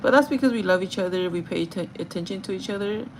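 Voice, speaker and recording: A young woman talks fast in a medium-pitched voice while getting ready on a casual livestream, confiding in viewers with plenty of "like" fillers and some Spanish words. The audio is poor, with a little hiss or hum.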